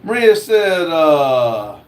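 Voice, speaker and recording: A man hosting a casual livestream, reading viewer comments aloud in a slow drawl. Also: on the high side, sing-song. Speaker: livestream host reading chat.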